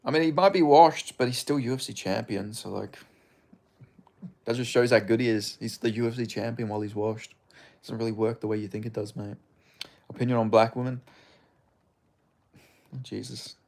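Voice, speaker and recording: An Australian man answers his livestream chat in casual, profane banter. His voice sits at an ordinary pitch with a gravelly, creaky texture. His delivery stays blunt and laid-back. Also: normal speed, pauses often, a little mellow. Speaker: streamer reading chat.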